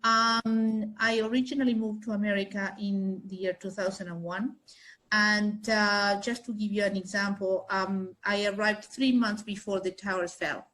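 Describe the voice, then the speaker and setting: A woman's voice: medium pitch, fairly even intonation, normal speed, fairly bright tone, poor audio. A woman from Argentina answering interview questions in a thoughtful, hesitant way. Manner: thoughtful, hesitant, many fillers and restarts. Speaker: guest, chamber of commerce chief executive.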